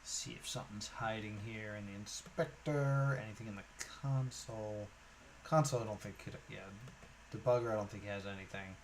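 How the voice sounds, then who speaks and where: A man's voice: lowish voice, fairly even intonation, a little fast, slight background noise, rough recording. A man streaming a puzzle game, thinking aloud in a musing, hesitant way with many fillers.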